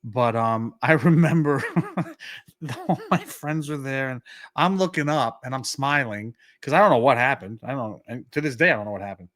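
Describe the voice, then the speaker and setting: A New York man co-hosting a podcast tells a casual story in an animated way, switching into the voices of its characters and using "like" a lot. His medium-pitched voice moves at a moderate pace and is recorded dry and close, with no room sound.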